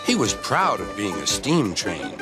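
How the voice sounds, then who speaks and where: A man reading a children's storybook aloud as narrator, in a gentle, expressive way. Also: lowish voice, measured pace, loud music behind the voice.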